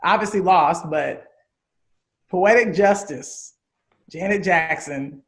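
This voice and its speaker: Slow and fairly low-pitched, this woman is a guest in a relaxed interview. She's in her thirties, from Chicago, USA, and speaks frankly and animatedly with plenty of swearing.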